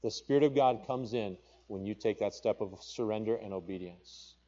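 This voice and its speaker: A male pastor with a Papua New Guinean accent preaches at a moderate pace in a warm, lowish voice, reading scripture in King James wording with rising emphasis. The recording is lo-fi.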